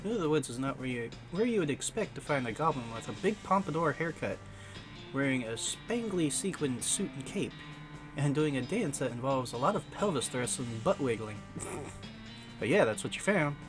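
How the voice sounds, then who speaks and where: A man's voice: medium pitch, big pitch swings, normal speed, music in the background. A man streaming live gameplay, chatting casually and reading game text aloud.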